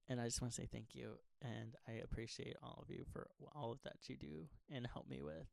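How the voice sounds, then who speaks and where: A man's voice: mid-range voice, vocal fry, no echo. Swearing, rambling young man on a close dry mic. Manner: rambling, heavy swearing, sarcastic asides. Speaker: pop singer-songwriter promoting an album. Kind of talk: casual unscripted monologue to fans.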